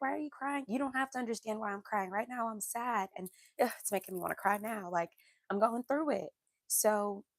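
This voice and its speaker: A young American woman ranting live to her viewers, heated and emphatic, hammering points by saying them twice. Her pitch sits mid-range for a woman, and the sound is dry and close with no room around it. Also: dry recording. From United States. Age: young adult. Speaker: livestream host. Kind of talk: ranting livestream chat.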